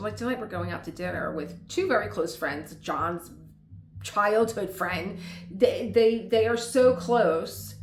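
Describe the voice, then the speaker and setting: A woman's voice: mid-range voice, gravelly, echoey room, slight background noise. A middle-aged woman vlogger talking casually at home, rambling into tangents and laughing often. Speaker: lifestyle vlogger. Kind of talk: casual chat.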